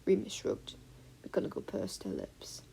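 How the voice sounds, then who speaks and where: A woman reading a fan-fiction audiobook aloud, expressive storytelling with soft breathy passages. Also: extremely low pitch, unhurried, slight background noise, low-quality recording. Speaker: audiobook reader.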